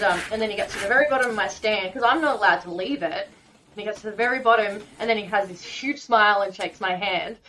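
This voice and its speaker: Australian woman, podcast guest, animated storyteller, mid-pitched voice. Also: slight background noise, poor audio. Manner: animated, emotional storyteller, laughs often. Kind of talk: casual storytelling.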